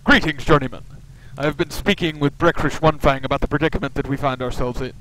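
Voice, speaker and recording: A man's voice: fairly high pitch, fairly even intonation, fast talker, fairly bright tone, natural voice, low-quality recording. A man reading as a formal expedition leader.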